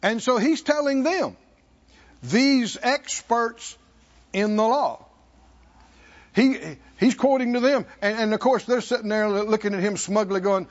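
A man preaches in a high voice. He takes his time and leans hard on key words, stopping to ask the congregation for answers. The recording is dull and lo-fi. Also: animated. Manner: call-and-response preaching, slows for emphasis. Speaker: pastor. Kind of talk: sermon.

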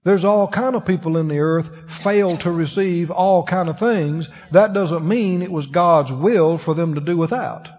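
A man's voice: high voice, unhurried, few pauses, a little mellow. A man preaching a conversational sermon, asking the congregation questions as he teaches. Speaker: pastor. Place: church sanctuary. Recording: dull lo-fi recording in a long-reverb hall.

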